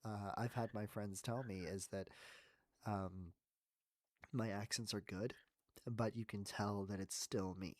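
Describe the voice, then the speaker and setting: A man with a worn-out, hoarse voice hosting a casual podcast conversation, talking earnestly with lots of fillers. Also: lowish voice, fairly even intonation, measured pace, long pauses, a little mellow. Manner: earnest, rambling, many fillers. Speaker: podcast host. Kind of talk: casual interview chat.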